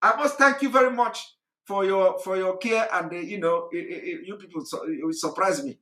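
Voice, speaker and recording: A hoarse man, hosting a live address, talking repetitively with laughs and emphasis. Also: high-pitched, normal speed, bright, forceful tone, reverberant. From Nigeria. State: hoarse, recovering voice. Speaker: host of a live broadcast.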